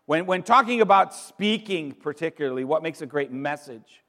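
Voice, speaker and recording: Emphatic pastor preaching in a reverberant hall. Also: male voice, fairly high pitch, expressive, a bit bright. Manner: emphatic, with dramatic pauses and repeated words. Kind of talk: sermon. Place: church sanctuary. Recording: long reverb in a large hall.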